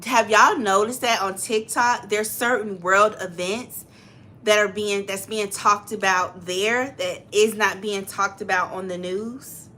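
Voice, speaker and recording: A woman's voice: medium pitch, steady tone, unhurried, sharp tone, a little hiss or hum. A woman, co-hosting a casual chat show and reading viewer comments aloud, repeating lines for emphasis. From Atlanta, Georgia, US. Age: 50s. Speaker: co-host, mother.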